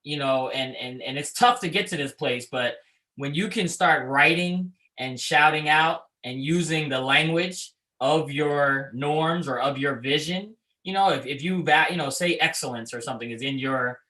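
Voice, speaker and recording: Male school leader, bright tone, chatty, explains with examples. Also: fairly high pitch, normal speed, poor audio. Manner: conversational, many fillers and restarts, explains with examples. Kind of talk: casual leadership chat.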